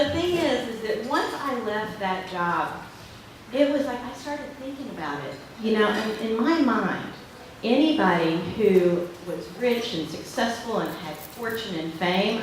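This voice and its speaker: A woman's voice: mid-range voice, noisy background. Woman telling stories in an echoey hall. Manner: lively anecdotal storytelling with laughs. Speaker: keynote speaker. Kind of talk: storytelling speech to an audience. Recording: echoey hall from far off with dish clatter.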